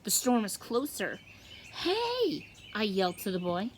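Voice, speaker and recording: A woman teacher reading a novel aloud with slow, expressive storytelling. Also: medium pitch, a little hiss or hum.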